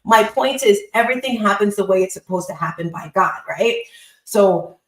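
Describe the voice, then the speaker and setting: A woman's voice: medium pitch, moderate pace, roomy sound, poor audio. A woman hosting a live online call as a business coach, giving an upbeat, emphatic motivational talk and repeating phrases.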